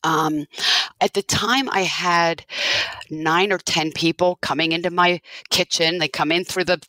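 A woman's voice: low-pitched, bright, forceful tone, dry recording, low-quality recording. A woman business owner telling her story in an interview, earnest and reflective, often restarting her sentences.

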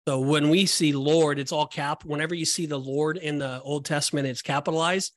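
A man's voice: a little high, fairly even intonation, brisk, no echo, clean studio sound. A man co-hosting a podcast, explaining Bible passages in a casual way and often restarting his phrases. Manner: explanatory, repeats and restarts phrases, reads verses aloud. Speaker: podcast co-host. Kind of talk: casual Bible study discussion.

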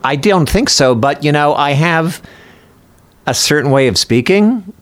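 A man speaking as a guest in a casual conversation, with a precise, measured way of talking and thoughtful, rambling sidebars. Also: a little high, lively intonation. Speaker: guest, voice actor.

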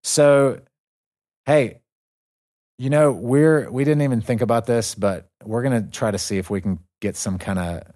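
A man's voice: mid-range voice, a little slow, warm tone. A man hosting a podcast in a casual, upbeat and easygoing way. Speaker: podcast host.

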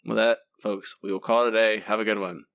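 A man's voice: fairly low pitch, little pitch movement, fast talker, creaky. A man co-hosting a comics podcast in casual chat, chatty and laughing often, trailing off when he is unsure. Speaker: podcast co-host.

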